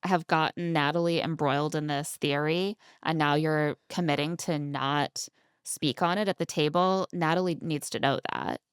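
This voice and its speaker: A woman's voice: low voice, steady tone, moderate pace, smooth, no room sound, studio quality. A woman co-hosting a podcast, recapping a reality show in casual chat and retelling scenes by acting out what people said. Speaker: podcast co-host.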